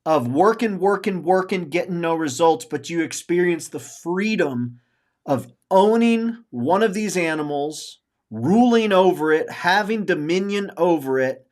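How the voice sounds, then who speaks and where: A man in his forties hosting a casual podcast, talking earnestly and openly about his feelings, circling back and repeating himself as he goes. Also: fairly high pitch. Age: 40s. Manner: earnest, openly emotional, rambling with repeated phrases. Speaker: podcast host.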